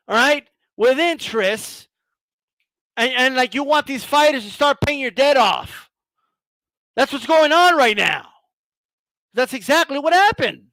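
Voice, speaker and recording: High bright-voiced guy ranting live, swears a lot, real dry close sound. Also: no echo. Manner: animated, blunt, swears, sarcastic, rising to shouts. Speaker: boxing commentator and channel host. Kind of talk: live-stream rant.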